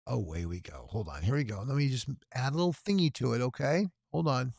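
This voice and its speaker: A man's voice: medium pitch, lively intonation, brisk, vocal fry, darkish tone, no room sound, clean studio sound. A sleep-deprived man hosting a long livestream telethon, chatting to viewers and muttering to himself while he types at his computer. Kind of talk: casual livestream chat to viewers.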